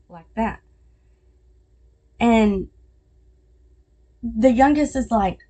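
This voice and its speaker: Middle-aged woman podcast host, warm low-key tone, chatty storyteller who laughs at her own jokes. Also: lively intonation, slow pace, long pauses. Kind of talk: casual chat.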